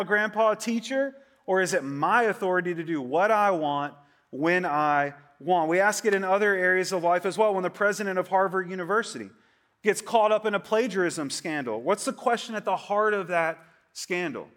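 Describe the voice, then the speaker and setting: High-voiced man preaching a casual sermon. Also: moderate pace, fairly bright tone. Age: 30s. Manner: conversational, joking, asks the crowd "right?". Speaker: pastor.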